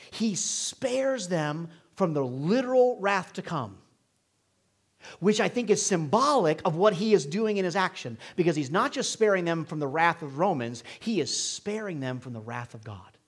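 A middle-aged man preaching a sermon, moving between hushed, slow lines and emphatic bursts. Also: a little high, big pitch swings, breathy edge. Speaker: pastor.

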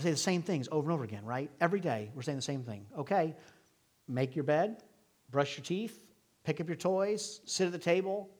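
A middle-aged male pastor delivering a sermon with a husky, slightly raised voice. His pitch swings widely as he drops to hushed, slow lines and then rises into emphatic bursts.

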